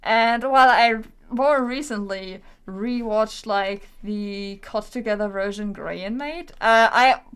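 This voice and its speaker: Young woman muttering to herself while she draws on stream, slow and unhurried, nice smooth voice. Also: medium pitch. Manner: quiet, murmuring to herself, trailing off mid-thought. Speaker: streamer drawing live. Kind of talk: casual thinking-aloud commentary while drawing.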